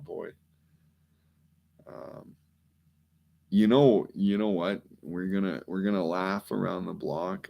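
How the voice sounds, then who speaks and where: A man's voice: deep voice, vocal fry, a little mellow. A man hosting a rambling late-night monologue, meandering and swearing casually. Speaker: podcast host.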